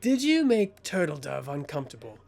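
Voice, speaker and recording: A man playing a menacing enforcer at a bar in a tabletop game. He talks low and slow, with a quiet threat in every word. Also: sing-song, gravelly. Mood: stern.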